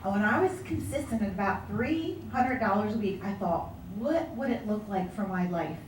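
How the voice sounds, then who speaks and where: A woman sales director telling her story in a motivational speech, animated and acting out the voices of people she quotes. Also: mid-range voice, normal speed, a little hiss or hum. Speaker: sales director giving a talk. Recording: echoey room from far off.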